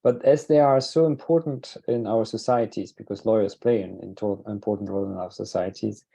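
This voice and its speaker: A man moderating an online training panel over a video call. He speaks haltingly, often restarting his sentences. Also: on the low side, creaky, dark tone, husky. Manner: halting, many fillers and restarts.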